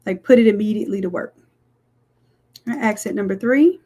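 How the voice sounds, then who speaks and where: Brisk and dark-toned, this woman's medium-pitched voice leads a live screen-share design tutorial. She keeps things chatty, drops the occasional "y'all," and guides viewers step by step.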